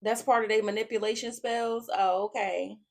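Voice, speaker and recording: A woman's voice: on the high side, steady tone, moderate pace. A woman giving a casual tarot reading to camera, blunt and profane, often cracking up laughing. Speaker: tarot reader.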